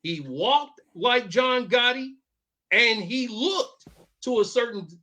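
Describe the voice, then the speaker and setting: A man's voice: extremely high pitch, lively intonation, takes it slowly, bright, forceful tone. A man co-hosting a podcast, chatting casually, asking questions and giving his opinions. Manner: asks questions and gives opinions. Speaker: podcast co-host. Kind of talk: casual chat.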